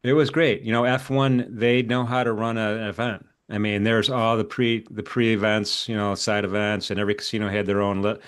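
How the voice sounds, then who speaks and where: A man's voice: fairly low pitch, level tone, a little fast, hardly any pauses, a bit bright, clean tone. A man hosting a live trading show, walking through market levels in a casual, rambling way with many fillers and restarts. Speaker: market strategist and show host. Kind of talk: live trading analysis chat.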